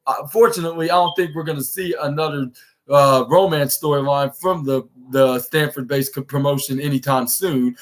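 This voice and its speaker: A man's voice: a little high, fairly even intonation, moderate pace. A man hosting a podcast, rambling through a casual recap of a show scene by scene and acting out bits of what each person said. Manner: rambling retelling of scenes with acted-out quotes. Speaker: podcast host.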